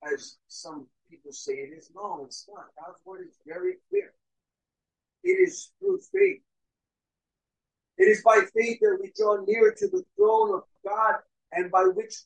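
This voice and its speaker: A young man preaching a sermon as pastor, telling stories and swinging between loud and hushed delivery. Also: very high voice, vocal fry, slightly rough, poor audio. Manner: storytelling, acts out crowd voices, swings between loud and hushed.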